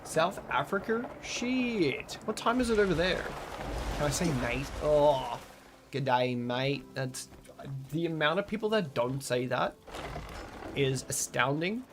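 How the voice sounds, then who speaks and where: A man's voice: fairly high pitch, lively intonation, a little slow, noisy background. A man from Australia with an Australian accent, casually chatting and swearing while streaming a game and reading out chat.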